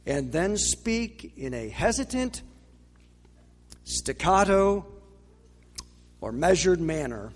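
A man preaching a sermon in a measured way, with dramatic pauses and rhetorical questions. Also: sits high. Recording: long reverb of a large hall.

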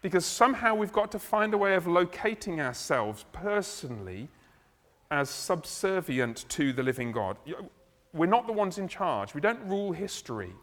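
A man delivers a teaching sermon, breaking a passage down in plain, conversational talk with casual asides. His voice sits a little high for a man. The sound carries a long reverb, as in a large hall. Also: big pitch swings, normal speed, a bit bright. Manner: conversational, explaining, slips into acted asides. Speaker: preacher. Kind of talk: expository sermon.

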